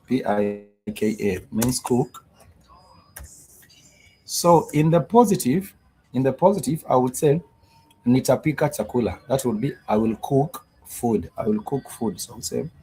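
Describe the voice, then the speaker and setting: Gravelly man teaching slowly. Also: mid-range voice, a little hiss or hum, rough recording. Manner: slow, repetitive explaining with many fillers. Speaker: Swahili teacher. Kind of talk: live-streamed language lesson.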